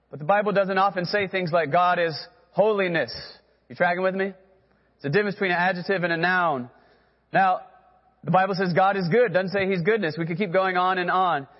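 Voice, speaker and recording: A man's voice: high voice, in a large hall, muffled recording. A man preaching a sermon as pastor, earnest and direct, who has the congregation repeat phrases after him.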